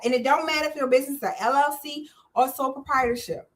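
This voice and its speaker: A woman's voice: high voice, fast. A woman hosting a live call-in stream about government contracting, talking straight to her viewers with energy and emphasis.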